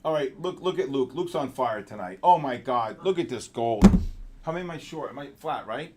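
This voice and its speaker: A male trading show host giving excitable live market commentary, exclaiming and calling out viewers by name. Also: medium pitch, moderate pace, very noisy.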